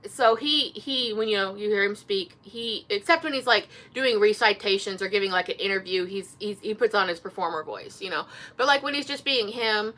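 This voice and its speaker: Woman, Indiana accent, bright voice, rambling casual vlog chat, lots of fillers. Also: mid-range voice. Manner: rambling, many fillers and restarts. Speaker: author and vlogger.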